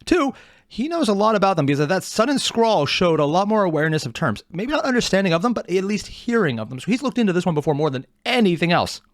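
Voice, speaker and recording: Rambling, animated male reactor. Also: sits high, quick pace, dry recording, studio quality. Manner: rambling, self-interrupting, swearing. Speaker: reaction video host. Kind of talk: casual reaction commentary.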